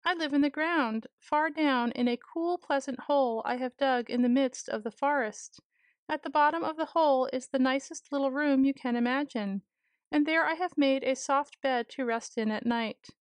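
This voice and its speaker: A woman voicing a shy, gentle male rabbit who talks in a soft, earnest way in a storybook reading. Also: sits high, moderate pace, no room sound, close to an everyday voice.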